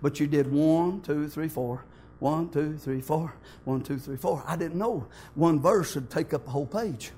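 A man's voice: on the high side, unhurried, few pauses, dark tone, a little hiss or hum. An older man, telling his church testimony in a folksy, homespun way. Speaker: church member giving testimony.

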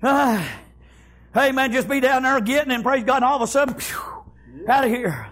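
A man's voice: very high-pitched, normal speed, a bit bright. A middle-aged man, preaching a revival sermon and chanting "praise God" and "amen" between phrases.

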